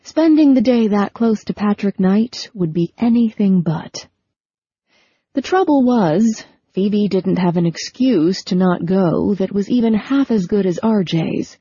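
A woman reading a novel aloud as audiobook narrator, in steady, even storytelling. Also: medium pitch, slightly rough, no echo. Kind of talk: scripted narration. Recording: dull lo-fi recording.

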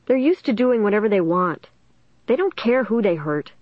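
A woman's voice: mid-range voice, lively intonation, normal speed, no echo, muffled recording, lightly acted. A woman voicing a hurt, accusing teenage girl who speaks shrilly and bitterly.

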